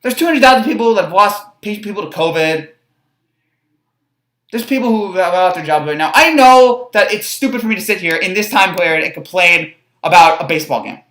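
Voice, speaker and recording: A woman's voice: mid-range voice, animated, fairly quick, fairly bright tone. A young woman ranting as a sports fan vlogger, frustrated and rambling, with stammered restarts. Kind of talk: fan reaction rant. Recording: echoey room.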